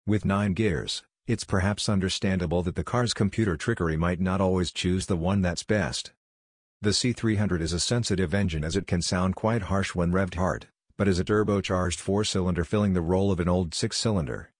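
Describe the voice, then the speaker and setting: Male voice-over, low register, steady scripted delivery, dry close sound. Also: no room sound. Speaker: car reviewer.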